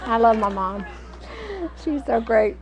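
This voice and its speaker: A woman's voice: fairly high pitch, slow pace, dull audio, crowd noise, noisy background. A middle-aged woman, chatting and telling stories while teaching a cooking class. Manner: chatty, storytelling, folksy. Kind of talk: casual cooking demonstration.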